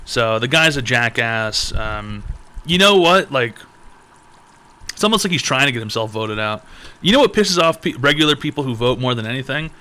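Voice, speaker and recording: A man's voice: mid-range voice, expressive, moderate pace, sharp tone. A young man hosting a live-stream advice show, reading out donations and ranting with lots of profanity.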